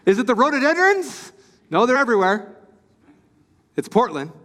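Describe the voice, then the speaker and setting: High-voiced animated pastor, echoey hall. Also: male voice, normal speed. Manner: animated, acts out quoted voices, excited. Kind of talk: sermon.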